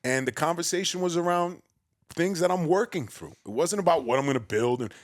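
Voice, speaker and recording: A man from the Bronx with a New York accent, a podcast guest telling his story in a big, loud, boisterous way. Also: lively intonation, brisk, no echo, clean studio sound. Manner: acts out quoted voices with a raised pitch. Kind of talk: casual storytelling conversation.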